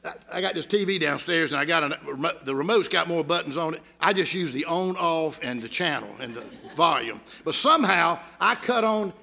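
Man, Georgia accent, pastor, sermon, bright tense tone, folksy storytelling. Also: a little high, animated, a little fast, gravelly, hardly any pauses. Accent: Southern US, Georgia. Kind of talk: sermon with humorous stories.

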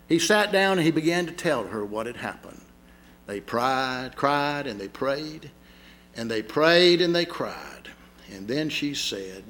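A man preaching a sermon, telling a story dramatically and swinging from loud to hushed. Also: medium pitch, expressive, unhurried, slight background noise. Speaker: pastor.

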